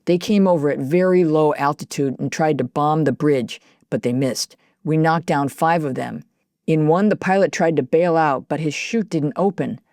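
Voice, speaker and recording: A woman reading the wartime diary entries of a young male soldier in a plain, steady voice. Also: fairly high pitch, normal speed, no room sound, studio quality, natural voice. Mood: matter-of-fact.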